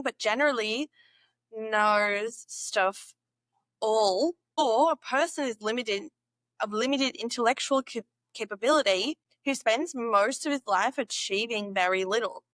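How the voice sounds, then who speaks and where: Goofy woman drilling slang, high voice. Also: a bit bright, dry recording. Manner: goofy, repeats words over and over, giggly. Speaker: vlogger. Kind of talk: playful casual vlog, practising slang.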